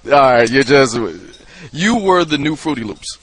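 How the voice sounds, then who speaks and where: A man's voice: mid-range voice, expressive, unhurried, crowd noise. A man hosting a podcast, asking loose, slangy questions in a laid-back way. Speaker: podcast host. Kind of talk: casual interview chat.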